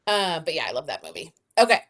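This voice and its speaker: Woman, podcast host, chatty, bubbly, slightly low pitch, filler words. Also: wildly swooping pitch, fast talker, a bit bright. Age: adult, mother of two. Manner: chatty, bubbly, lots of "like" and "you know". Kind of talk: casual podcast conversation.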